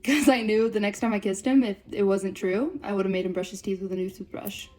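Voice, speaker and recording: A young woman telling a breakup story on a vlog, blunt and profane, swearing constantly in rapid run-on sentences. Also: mid-range voice, steady tone, a little mellow.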